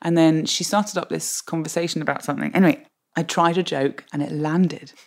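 A woman in her thirties with a low voice tells self-deprecating stories as a podcast guest. She talks in quick bursts, laughing often as her stories build. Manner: animated comic storyteller, laughs often. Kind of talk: podcast interview.

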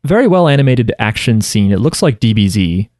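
A man's voice: fairly low pitch, very animated, fairly quick, a little mellow, no room sound, studio quality. A man co-hosting a podcast, recapping an anime in a casual, rambling way with lots of fillers and restarts. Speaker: podcast co-host.

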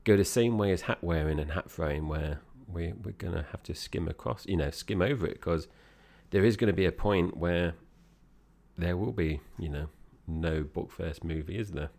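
Very deep-voiced gravelly male podcaster. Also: normal speed, darkish tone. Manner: easygoing, tag questions to his co-host. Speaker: podcast co-host. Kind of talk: casual film chat.

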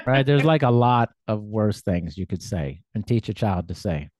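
A man's voice: on the low side, lively intonation, normal speed, a little mellow, no echo, studio quality. A man hosting a casual interview, chatty and self-deprecating, with lots of fillers. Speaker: podcast host.

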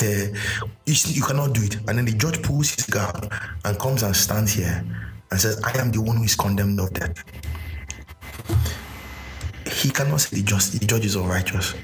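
Man preaching with homely illustrations. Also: on the low side. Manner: illustrates with stories, repeats key phrases. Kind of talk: sermon teaching.

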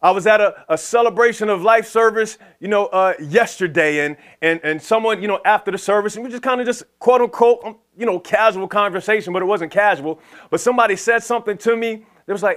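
A man with a high voice preaches to his church. He moves between slow, stretched-out lines and quick asides, acting out back-and-forth conversations with the Lord in an animated way. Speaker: pastor. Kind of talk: sermon.

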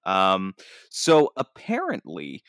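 A man on a podcast, telling an animated, rambling story in casual chat. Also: deep voice, slow, dry recording, studio quality. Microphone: podcast microphone.

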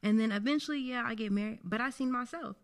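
A woman's voice: a little high, fast talker. A young woman co-hosting a faith podcast, talking in an earnest, reflective way full of "like" fillers. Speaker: podcast co-host. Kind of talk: casual faith podcast chat.

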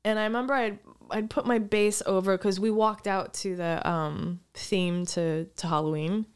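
A woman's voice: mid-range voice, fairly even intonation, moderate pace, smooth. Rambling woman telling a road story. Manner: rambling storyteller, many restarts and gasps. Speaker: podcast guest, musician. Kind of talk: casual chat.

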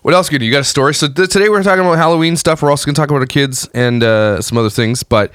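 Fast-talking man on a casual podcast. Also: a little high, fairly bright tone, no echo, clean studio sound. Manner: joking, rambling, quick. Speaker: podcast co-host. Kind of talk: casual chat.

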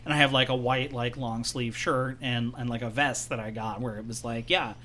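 A man's voice: mid-range voice, fairly even intonation, moderate pace, crowd noise. A man co-hosting a casual podcast chat, talking with enthusiasm, laughing often and rambling with plenty of fillers. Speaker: returning podcast co-host.

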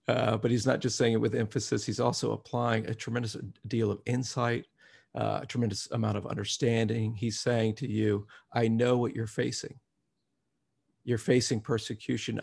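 A man's voice: medium pitch, creaky, a little mellow, slightly rough. A man preaching a sermon, reflective at first and growing emphatic as he reads scripture aloud.

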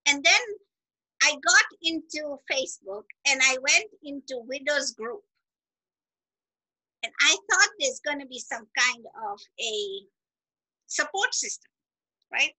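Middle-aged woman, high and very bright, emphatic motivational chatter. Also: low-quality recording. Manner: animated, emphatic, acts out quotes. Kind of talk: casual motivational chat.

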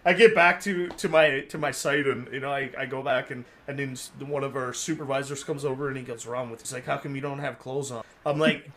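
Bright, halting storytelling man. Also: mid-range voice, fairly even intonation, slight background noise. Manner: halting, full of restarts and fillers. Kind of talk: casual chat, storytelling.

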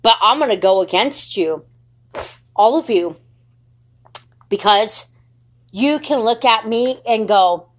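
A woman's voice: medium pitch, expressive, slow pace. A young adult woman ranting in an angry, defiant monologue, swearing constantly and sounding short on sleep. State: sleep-deprived. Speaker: podcaster.

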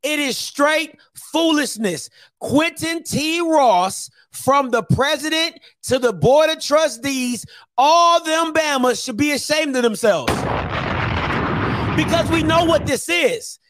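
A man with a strikingly high voice hosts his own sports talk show, talking in a casual, slang-heavy rant. He hammers points home by repeating phrases. The recording is dry and close, with no room sound. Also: lively intonation, slow pace, fairly bright tone, dry recording.

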